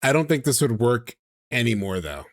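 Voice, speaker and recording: Excitable swearing man chatting on stream. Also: mid-range voice, moderate pace, no room sound, studio quality. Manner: excitable, swears freely, addresses chat. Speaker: streamer host. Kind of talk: casual chat.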